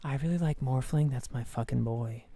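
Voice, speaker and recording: A young man casting a video game with excitable, swearing, self-mocking commentary, talking close to his microphone. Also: medium pitch, normal speed, dry recording. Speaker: game caster. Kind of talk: casual esports commentary.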